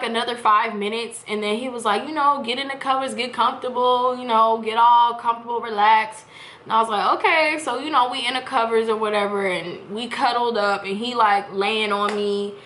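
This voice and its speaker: Young woman, 20s, candid and profane vlogger, bright tense voice, roomy echo. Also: fairly high pitch, normal speed, slight background noise. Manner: candid, profane, animated retelling. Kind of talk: casual storytime chat.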